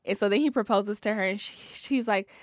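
A woman's voice: medium pitch, a little fast, no room sound, studio quality. A woman with retelling a reality show in casual chat, swearing freely and acting out what people said. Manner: animated storyteller, acts out quotes, swears freely. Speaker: podcast co-host.

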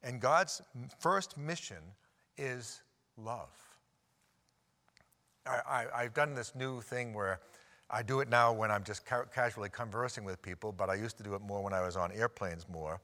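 A man's voice: on the low side, steady tone, sharp tone. Preaching man in a reverberant hall. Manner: storytelling, slows down for emphasis. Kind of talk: sermon.

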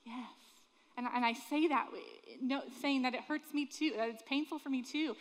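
A woman's voice: sits high, fairly even intonation, normal speed. A woman from Florida preaching a sermon in an earnest, conversational way, full of rhetorical questions. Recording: long reverb of a large hall.

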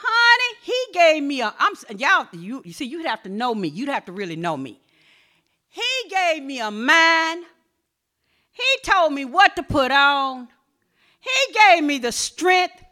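A middle-aged woman pastor, preaching a sermon that moves between quiet storytelling and shouted exhortation. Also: sits high, very animated, measured pace.

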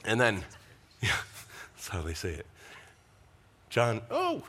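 A man's voice: fairly low pitch, wildly swooping pitch, slow, bright, forceful tone, breathy edge. A man preaching a conversational sermon, with asides to the congregation. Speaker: pastor.

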